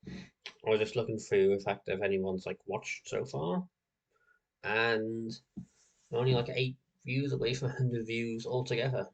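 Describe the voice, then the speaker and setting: A man's voice: mid-range voice, fairly even intonation, measured pace, gravelly. A nineteen-year-old man, chatting casually as a streamer, rambling and full of "like". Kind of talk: casual chat.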